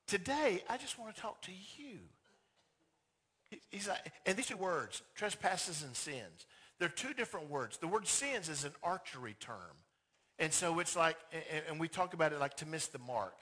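Bright, high-voiced preaching man. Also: big pitch swings, moderate pace, slight background noise. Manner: emphatic, acts out quoted dialogue in skits. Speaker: pastor. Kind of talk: sermon.

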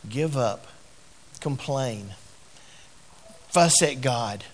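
A middle-aged man preaching a sermon as a pastor. He tells a personal story in quiet, halting phrases and grows louder and higher when he exhorts.

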